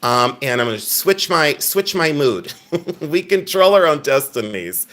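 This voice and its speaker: A man hosting a live online jewelry sale, loud, excitable and chatty, with a habit of teasing himself. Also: on the high side, unhurried. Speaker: livestream jewelry seller. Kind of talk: live online sales pitch.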